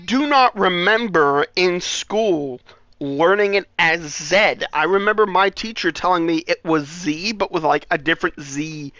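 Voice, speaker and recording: Bright, high-voiced young man. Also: unhurried, dry recording, rough recording. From England, American parents. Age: 20s. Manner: easygoing, laughs readily. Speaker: fellow racer and co-streamer. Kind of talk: casual chat during online racing.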